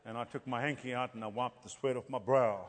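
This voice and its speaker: A man's voice: medium pitch, steady tone, a little fast. A man with an African accent preaching a sermon, telling stories and building to fervent emphasis. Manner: storytelling, rising to fervent emphasis. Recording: long hall reverb.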